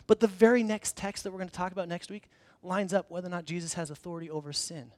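A man's voice: high-pitched, fairly even intonation, quick pace, dry recording. A man, a pastor, giving a conversational sermon in church, telling stories with self-deprecating humor and frequent restarts. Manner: casual storytelling with frequent restarts. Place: church hall before a congregation.

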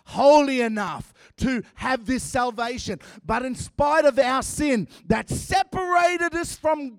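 A man preaching a sermon with an accent, swinging between loud shouting and hushed, dramatic passages. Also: extremely high pitch, no echo, studio quality. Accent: non-American.

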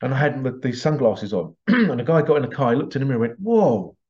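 A man's voice: mid-range voice, fast, a little mellow, muffled recording. Chatty man telling stories. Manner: chatty, often breaks into laughter. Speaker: host. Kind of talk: casual anecdotal storytelling.

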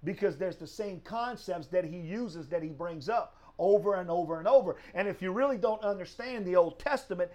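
A man's voice: sits high, moderate pace, hardly any pauses, a little mellow. A man teaching a Bible study lesson, explaining step by step with rhetorical questions and a frequent tag "right?".

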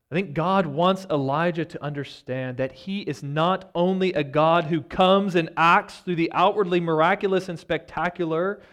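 A man, a church elder, preaching a sermon, reading scripture and retelling it with mounting intensity before dropping to a soft, low delivery. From Virginia, United States. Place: church sanctuary.

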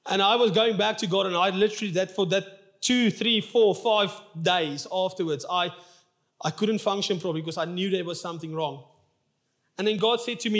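A man's voice: sits high, fairly even intonation, fast. A male pastor preaching a sermon in a church, telling a personal story in an open, emotional, confessional way.

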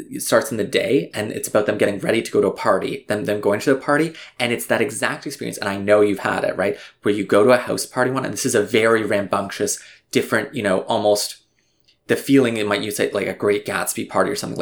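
A man hosting a casual film discussion, rambling and reflective, often checking in with "right?". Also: on the low side.

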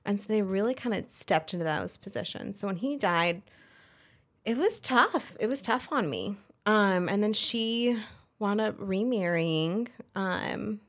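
A woman in her thirties, a hairstylist and salon owner, frankly tells her story in a casual podcast interview. Chatty and full of "like" fillers, she acts out remembered conversations in a medium-pitched, slightly bright voice with lively intonation and an unhurried pace.

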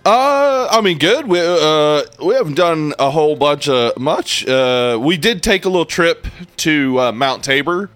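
A man's voice: fairly high pitch, expressive, measured pace, few pauses, fairly bright tone, smooth, dry recording, faint music behind. A man co-hosting a podcast in casual, joking chat, laughing often and stumbling over restarts. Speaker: podcast co-host.

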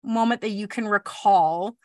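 A woman hosting a podcast conversation, energetic and thinking aloud, often adding "right?". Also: mid-range voice, measured pace, no echo, clean studio sound. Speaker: podcast host. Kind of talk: conversational interviewing.

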